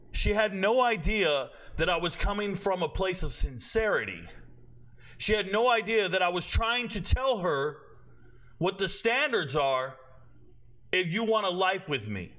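Man, channel host, storytelling monologue, blunt and boastful, high-pitched, bright tone.

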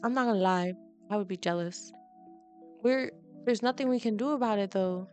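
Woman let's play host, mid-pitched, chatty and dramatic, faint game music behind. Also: moderate pace, darkish tone. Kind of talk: casual gameplay commentary.

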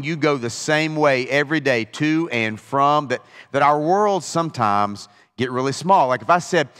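A man's voice: medium pitch, a bit bright, big-room sound. A man as pastor, giving a conversational Bible study talk with frequent restarts. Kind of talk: informal Bible study teaching.

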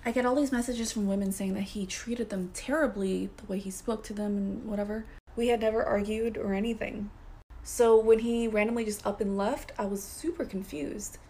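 Gravelly woman ranting, blunt and sweary, kinda casual. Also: medium pitch, fairly even intonation, normal speed, dark tone. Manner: blunt, profane, emphatic. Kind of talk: casual rant.

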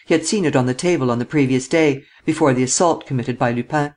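A man narrating an audiobook of a detective novel in a measured storytelling manner. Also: medium pitch, a little mellow. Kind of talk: scripted narration.

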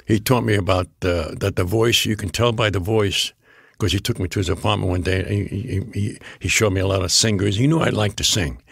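Deep gravelly older man with a Bronx accent. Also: fairly even intonation, a little fast, no room sound, studio quality. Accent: New York Bronx. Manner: rambling anecdotes with restarts and acted-out quotes. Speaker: guest actor. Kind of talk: storytelling interview.

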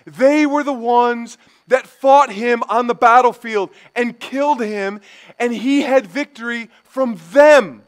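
A man pastor preaching a sermon, building from quiet stretches to loud, emphatic passages. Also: very high voice.

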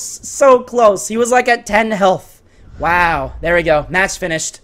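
Man, fairly high voice, hoarse, gaming commentary, sarcastic and excitable. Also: slow pace. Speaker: gaming channel host. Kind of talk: gameplay commentary.

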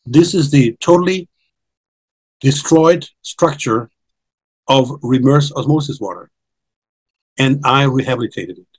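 Husky older man explaining insistently. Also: medium pitch, a little slow, long pauses, poor audio. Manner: earnest, insistent, repeats key points. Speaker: documentary guest presenting research. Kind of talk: explanatory interview talk.

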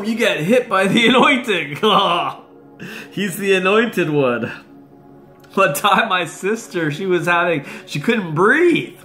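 A man preaching a sermon, telling a personal testimony in an animated way and laughing often. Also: high voice.

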